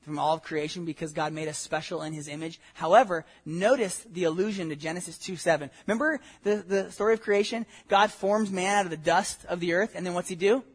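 A man from Southern California preaching a sermon, animated and conversational, with frequent asides and questions to the congregation. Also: high voice, a little fast, hardly any pauses, husky. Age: adult, married with a wife. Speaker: pastor. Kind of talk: expository sermon.

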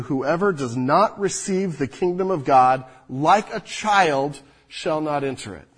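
Husky-voiced male pastor preaching. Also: a little high, poor audio. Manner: animated, restarts often, drops soft when speaking to children. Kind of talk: sermon with children up front. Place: church sanctuary.

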